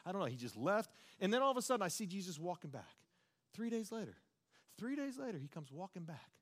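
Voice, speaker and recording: A man preaching a sermon with passion, telling a story and building up to shouts. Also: high voice, sing-song, fairly quick.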